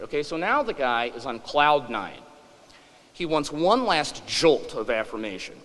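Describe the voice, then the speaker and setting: A man's voice: a little high, big pitch swings, a little slow, a bit bright, big-room sound, low-quality recording. A man in his forties giving a humorous public lecture, wry and self-deprecating. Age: 40s.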